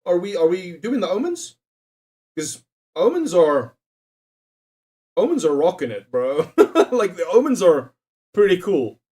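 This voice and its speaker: A young man streaming live, with a voice sitting a bit higher than most men's. He reads out quiz questions and reacts loosely to his chat, cursing freely and laughing along as he goes. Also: big pitch swings, measured pace, pauses often, a little mellow, slightly rough. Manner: profane, joking, laughs often, talks to chat.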